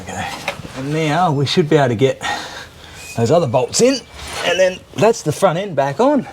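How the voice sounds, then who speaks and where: A joking, teasing Australian man chats casually as he works on a car in his home shed. His voice sits a touch high, and a faint hiss of noise runs beneath it. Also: big pitch swings, moderate pace. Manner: jokey, teasing, chatty. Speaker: channel host. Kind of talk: casual chat while working on a car.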